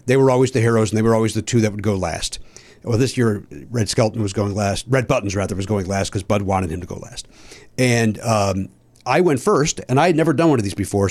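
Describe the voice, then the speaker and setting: Animated profane male storyteller. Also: fairly low pitch. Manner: animated, profane, acts out other people's lines. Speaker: podcast guest, comedian. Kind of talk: casual storytelling.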